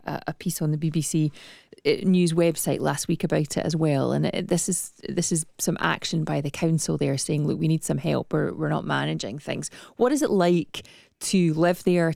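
A woman presenting a breakfast radio show, chatting briskly between items from a studio. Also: sits low, gravelly, dark tone, no echo. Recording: dry studio sound.

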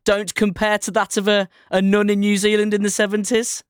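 A man's voice: sits high, monotone, brisk, smooth, no room sound, studio quality. A man interviewing a guest, asking eager questions with stumbling restarts.

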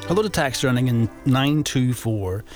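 A man's voice: medium pitch, lively intonation, moderate pace, over loud music. A man hosting a radio show, chatting casually and reading out listener texts. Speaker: radio host.

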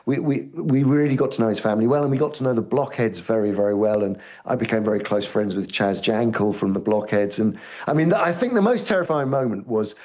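A male actor chats as a guest on a radio interview, his voice a little low. He tells his stories with animation, often breaking off and restarting mid-sentence. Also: fast, hardly any pauses. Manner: animated storytelling with frequent restarts.

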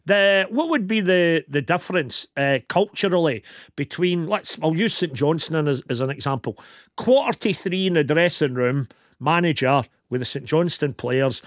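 A man hosts a relaxed talk show, keen and curious in how he asks. His voice sits a bit high for a man and is recorded dry and close. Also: normal speed, dry recording. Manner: enthusiastic, probing questions. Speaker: host. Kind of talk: casual interview chat.

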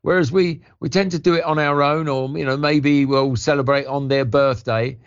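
An older English actor, a guest on a radio show, telling stories in a rambling way over the phone. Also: male voice, fairly high pitch, steady tone, normal speed, clear, resonant tone. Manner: rambling, warm anecdotal storytelling with restarts. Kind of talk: radio interview chat. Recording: lo-fi phone line.

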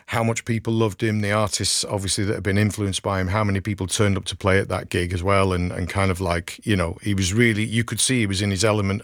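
A man's voice: low voice, no room sound, clean studio sound. Middle-aged male radio presenter, rambling. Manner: rambling, many fillers and restarts. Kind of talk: casual radio chat and anecdote. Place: radio studio. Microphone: studio microphone.

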